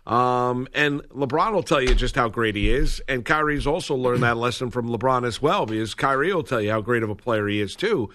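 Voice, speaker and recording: A man's voice: mid-range voice, a little fast, few pauses, fairly bright tone. A man hosting a sports radio show, talking in a rambling way with many fillers and restarts.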